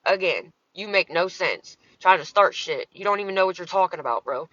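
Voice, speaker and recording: A woman's voice: fairly low pitch, expressive, brisk, a bit bright, no room sound, dull audio. A woman talking casually on her livestream, answering comments in a profane, exasperated, rambling way.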